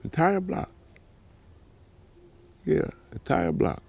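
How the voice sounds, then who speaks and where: A man's voice: a little high, slow, vocal fry, husky. A father telling his own story in an interview, acting out past dialogue with animation. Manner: animated, acts out dialogue in a raised voice. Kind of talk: personal account.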